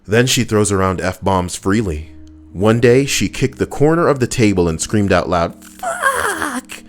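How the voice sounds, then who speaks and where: A man's voice: lowish voice, expressive, normal speed. A man streaming live, reading posts aloud in casual chat, joking, swearing freely and laughing often.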